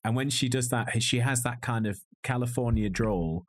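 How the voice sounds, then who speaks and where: Speaking at normal speed in a mid-range voice, this man is a podcast co-host chatting casually about a film. His review is wry, joking and meandering, and the video call audio glitches a little.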